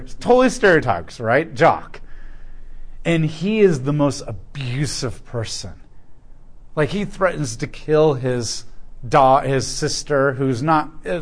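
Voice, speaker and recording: A male pastor preaching a sermon in a conversational, storytelling way, putting questions to the congregation. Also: medium pitch.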